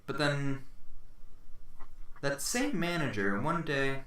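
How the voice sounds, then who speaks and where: A man's voice: medium pitch, animated, takes it slowly, fairly bright tone, a little hiss or hum. A young man telling a long story on a podcast, rambling and swearing as he acts out what people said. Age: teens. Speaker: podcast host. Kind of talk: casual storytelling chat. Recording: echoey room, distant mic.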